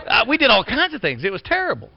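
A man preaching a folksy storytelling sermon, swinging from loud bursts to quiet asides. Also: extremely high pitch, huge pitch swings, fast. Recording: dull lo-fi sound.

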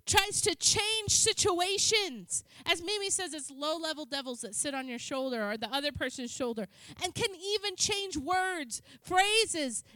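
A woman's voice: high voice, sharp tone, dry recording. A woman preaching a sermon in a church, chatty and joking with the congregation.

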